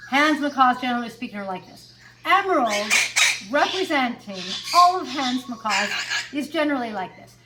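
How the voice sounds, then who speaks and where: Brief: high-voiced woman, chatty parrot-owner vlogger, loud noise and bird squawks behind. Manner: chatty, with fillers and self-corrections. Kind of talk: casual chat to camera.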